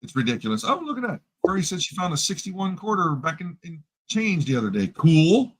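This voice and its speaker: A man co-hosting a casual chat, joking and chatty with drawn-out asides. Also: high-pitched, sing-song, rough recording. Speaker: co-host. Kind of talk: casual chat about coin collecting.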